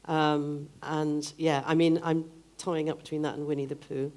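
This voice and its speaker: A woman's voice: sits low, level tone, moderate pace, darkish tone. An older woman speaking at a book festival event, hesitant and often repeating words as she searches for them. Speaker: festival speaker, theatre producer and author. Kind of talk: live onstage conversation.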